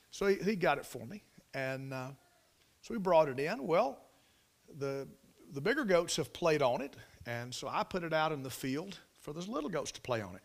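A man, telling a folksy farm story in a devotional talk, in an animated country manner. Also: on the high side.

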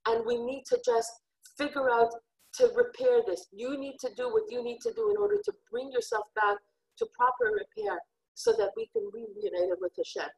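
A woman's voice: high-pitched, big pitch swings, moderate pace, gravelly, darkish tone, low-quality recording. A woman giving an earnest, heartfelt religious lesson on scripture. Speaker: Torah teacher.

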